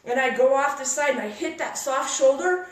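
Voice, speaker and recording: A woman speaking at a workshop tells her story with lively, exclamatory energy in a somewhat high voice. She sounds set back from the microphone, and her words ring around an echoey room. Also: normal speed, distant mic. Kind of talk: storytelling talk to a live audience.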